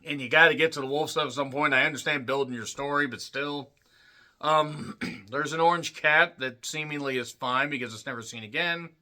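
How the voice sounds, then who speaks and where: A man giving a rambling, irreverent movie review with crude jokey asides, often clearing his throat. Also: fairly high pitch, normal speed, pushed and bright. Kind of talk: casual movie review monologue.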